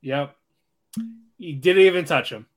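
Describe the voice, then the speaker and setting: A man co-hosting a podcast in casual chat, giving short replies and brisk play-by-play recaps. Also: fairly high pitch. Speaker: podcast co-host.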